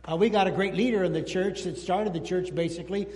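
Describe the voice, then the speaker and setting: A male pastor preaching a sermon, telling a story in an animated way and calling out to the children in the congregation. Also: high-pitched, fast talker. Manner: animated storytelling, talks to the kids in the room. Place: church sanctuary. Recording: long hall reverb in a church.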